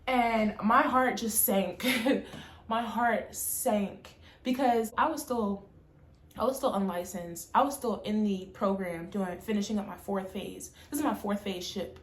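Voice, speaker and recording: A young adult woman telling a personal storytime tale in an animated, emphatic way. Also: mid-range voice, unhurried, reverberant. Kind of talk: storytime monologue.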